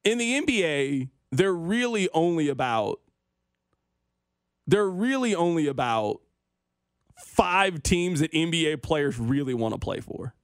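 Animated man hosting sports talk radio. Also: on the high side, a little slow, no echo, clean studio sound. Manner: animated, self-mocking, whiny complaints. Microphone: studio microphone.

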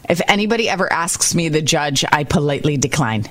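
A woman's voice: low voice, sing-song. A woman from upstate New York co-hosting a morning radio show, chatting playfully and teasing her partner. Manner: playful, teasing, quick opinions. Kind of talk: casual on-air chat.

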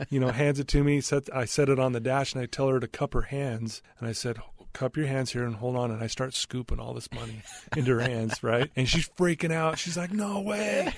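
A man's voice: medium pitch, steady tone, a little fast, creaky, dry recording. Earnest man telling a personal story. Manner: earnest, emotional, says "you know" often. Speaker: podcast guest.

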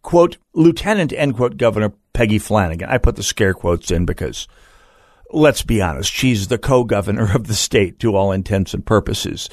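A man's voice: fairly high pitch, no room sound, studio quality. A man hosting a political talk radio show, delivering a sardonic, mocking monologue with frequent stammered restarts.

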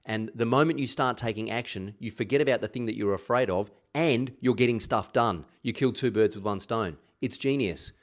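A man's voice: medium pitch, normal speed, hardly any pauses. A man hosting a podcast, delivering an upbeat, plain-spoken intro monologue. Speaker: podcast host.

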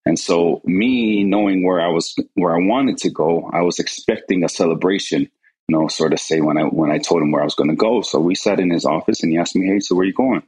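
A man's voice: low voice, brisk, darkish tone, slightly rough, poor audio. A man earnestly recounting a personal story in an interview, often repeating words as he goes. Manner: earnest, repeats words, acts out quoted voices.

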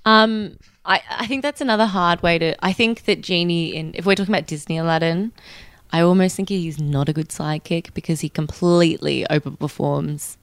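A woman's voice: fairly low pitch, fairly even intonation, fairly quick, no echo. A woman in casual group chat, opinionated and weighing her words.

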